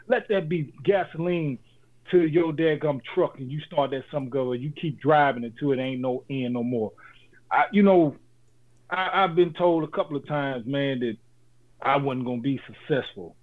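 A man's voice: mid-range voice, normal speed. Laid-back man on a tinny line. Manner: motivational, laid-back and joking. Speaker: podcast co-host. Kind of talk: casual podcast chat. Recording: phone-like lo-fi audio.

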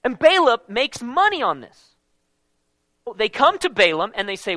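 A man preaching a casual Bible-teaching sermon in an animated, conversational way, with slang mixed in. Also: extremely high pitch, measured pace, pauses often, dry recording.

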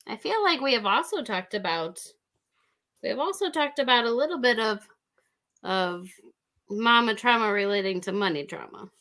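A woman's voice: a little high, animated, moderate pace, fairly bright tone. A woman from the American Midwest, co-hosting a casual podcast and reading tarot, laid-back and swearing casually. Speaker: podcast co-host, tarot reader. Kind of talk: casual chat.

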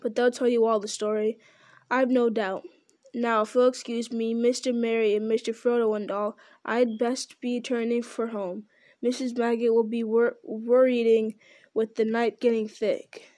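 A gruff, hearty old farmer, as a woman reads him aloud, calling out bluntly with a rustic bluntness and a raised voice. Her reading voice sits a little high for a woman, and the farmer keeps that lightness under the bluster. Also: level tone, measured pace, darkish tone, no room sound, close to an everyday voice.

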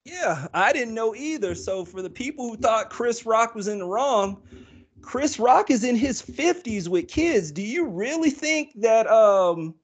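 A man with a high voice co-hosts a podcast in loose, casual chat. He rambles along with lots of fillers and restarts. His tone stays easygoing throughout. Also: lively intonation, a little slow, slightly rough. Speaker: podcast co-host.

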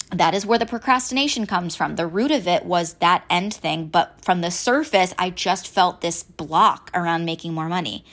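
A woman coaching listeners through a money mindset exercise, talking casually, candid and earnest, swearing now and then. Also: lowish voice. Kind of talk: casual motivational talk.

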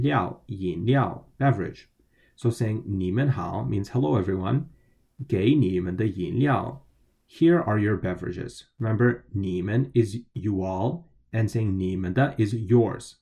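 A man co-hosts a language podcast in a lowish, mellow voice with vocal fry. He patiently explains Mandarin phrases, spelling out the pinyin of each syllable letter by letter.

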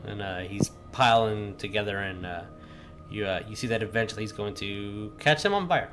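A man's voice: fairly low pitch, a bit bright. Stammering man narrating as game master. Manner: halting, stammering.

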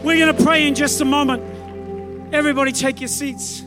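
A man with an Australian accent preaching a revival sermon in church, telling stories fast and rising to shouted calls, with soft music behind. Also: very high voice, steady tone. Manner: fervent, rapid storytelling building to shouted calls. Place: church meeting.

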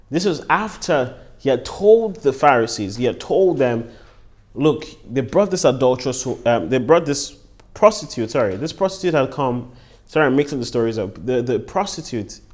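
A man's voice: mid-range voice, darkish tone. A man giving a devotional Bible teaching as a preacher. He talks earnestly, repeats key phrases for emphasis and breaks into short words of praise between points. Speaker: preacher and podcast host.

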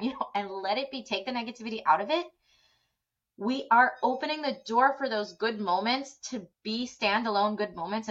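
A woman's voice: mid-range voice, fairly bright tone. A woman hosting a parenting podcast interview, talking in an earnest, effusive way with many fillers. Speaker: podcast host. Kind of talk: conversational interview. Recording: dull lo-fi sound.

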